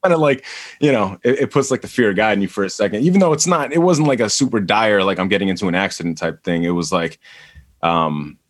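A man from the New York area telling a story as a podcast guest, in halting casual chat with many pauses and restarts. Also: fairly low pitch, no room sound. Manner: halting, full of ums and restarts.

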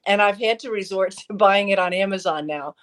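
A woman's voice: medium pitch, a little fast. A middle-aged woman chatting casually as a co-host, telling anecdotes with quoted back-and-forth. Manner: storytelling, lively anecdotes with quoted dialogue. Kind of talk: casual chat.

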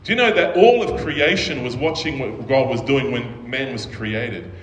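A man's voice: medium pitch, normal speed, fairly bright tone. A man preaching a sermon as pastor, talking in a conversational way and often checking in with the audience. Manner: conversational preaching with frequent "right?" check-ins. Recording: echoey hall with faint ambience.

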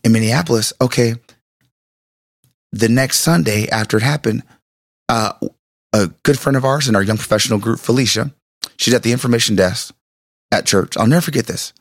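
A man's voice: mid-range voice, moderate pace, pauses often, no room sound, studio quality. A man in his thirties, a pastor, chatting casually and telling an emotional personal story with stumbling restarts.

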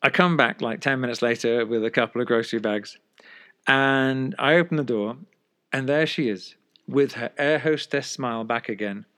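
A man telling a funny personal anecdote in a wry, deadpan way, chuckling and swearing casually. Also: medium pitch, moderate pace. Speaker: storyteller.

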